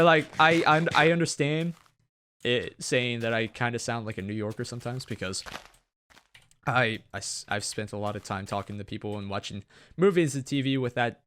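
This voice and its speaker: A man's voice: medium pitch, fairly bright tone. A young man from Tennessee talks through his game in a loose, rambling way and cracks jokes at himself. His Southern accent comes through. His throat is a little sore, and a faint hiss sits under the recording. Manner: rambling, chatty, self-joking. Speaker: gaming channel host. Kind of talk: Let's Play gameplay commentary.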